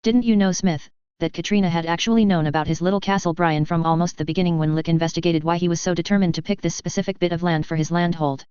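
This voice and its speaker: Reader voicing a calm, amused male officer; dry briefing manner, very smooth voice, muffled close recording. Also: medium pitch, fast talker, few pauses, dry recording, lightly acted.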